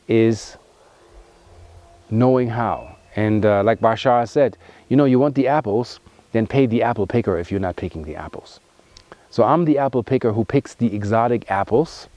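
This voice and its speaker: A man with a fairly low voice delivers an earnest spiritual monologue as a wellness vlogger, emphatic and heartfelt. He swings between loud, pushing stretches and hushed, soft passages. The recording has no room sound.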